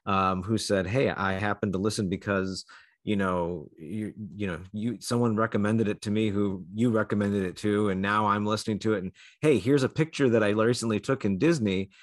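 A man's voice: fairly low pitch, steady tone, moderate pace, no echo, clean studio sound. A man co-hosting a podcast, talking casually and hesitantly with many fillers. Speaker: podcast co-host.

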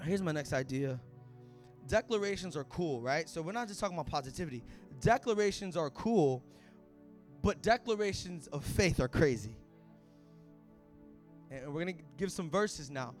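A man preaching with a very high voice. His delivery moves from quiet, hushed asides up to loud shouted declarations. Faint music plays behind him. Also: normal speed, long pauses. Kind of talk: sermon.

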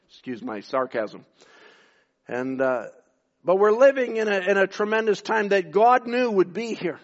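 A man, from Canada, preaching a sermon, building emphasis and dropping into quieter asides. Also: high-pitched, lively intonation, a little slow, dull audio. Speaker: pastor.

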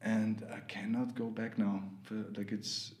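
Austrian-born male painter as guest, halting and thoughtful, roomy echo around the voice. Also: lowish voice, little pitch movement. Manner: hesitant, many fillers, searches for words. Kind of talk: casual interview chat.

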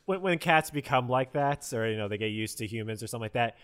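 A man joking in a casual chat, with a voice that swings up and down a lot. He makes quick, playful asides and readily agrees with the others. It sounds like a relaxed conversation among friends. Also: mid-range voice, clear, resonant tone.

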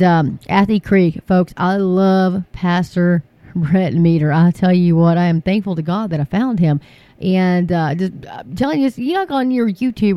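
A US woman with a fairly low voice hosts an online talk show, chatting emphatically to viewers with heavy filler use until her tone turns pleading. The sound is lo-fi, without echo.

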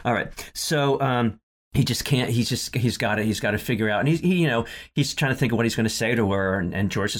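Man, casual co-host, mid-pitched, rambling storyteller who laughs often. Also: fast talker. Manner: rambling, laughs often, many fillers and restarts. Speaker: podcast co-host. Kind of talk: casual chat recapping episodes.

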